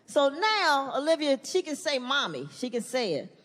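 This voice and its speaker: A woman performing stand-up on a live stage. Her voice sits high and swings widely as she acts out the people in her story, swearing freely. The recording has a long hall echo, with a faint crowd and faint noise behind her. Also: moderate pace. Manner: animated, profane, acts out voices of others. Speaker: stand-up comedian. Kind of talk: stand-up comedy routine. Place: comedy stage before an audience.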